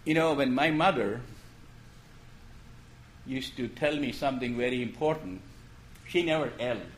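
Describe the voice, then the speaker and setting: A man preaching a sermon in a gentle storytelling way, posing questions and then dropping his voice to make a point. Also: mid-range voice, measured pace, vocal fry, pauses often, slight background noise. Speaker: pastor.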